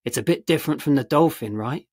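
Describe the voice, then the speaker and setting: A man's voice: on the high side, fast, darkish tone, pitched above the performer's own voice, natural voice. A man voicing a humble middle-aged fisherman and pub guitarist in a storytelling reading, earnest and plain-spoken. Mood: eager.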